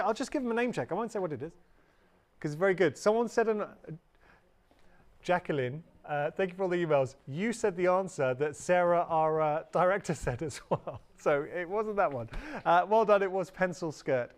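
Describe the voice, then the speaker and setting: A British man presenting on a live shopping channel in a chatty, upbeat way, often correcting himself. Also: a little high. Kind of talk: live TV sales pitch. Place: TV studio.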